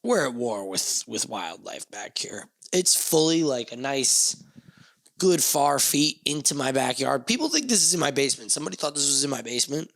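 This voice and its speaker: Jersey accent guy rambling and swearing on his solo podcast, normal pitch, dry close sound, little backyard shed. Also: expressive, normal speed, gravelly, fairly bright tone, dry recording. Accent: New Jersey. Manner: rambling, profane, joking asides. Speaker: podcast host. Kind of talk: casual solo podcast chat. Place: small dusty backyard shed.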